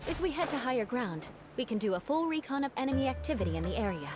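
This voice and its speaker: A woman voicing a confident female game character who gives crisp, commanding orders in video game dialogue, with game music behind her. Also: high-pitched, sing-song, quick pace. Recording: game audio with loud music.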